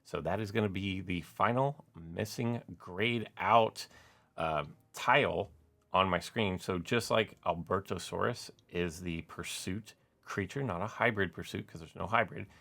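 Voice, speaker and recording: Gravelly low-voiced gaming commentator man. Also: measured pace, pushed and bright. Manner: rambling, full of "like" and "uh" fillers. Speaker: gaming YouTuber. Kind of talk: casual gameplay commentary.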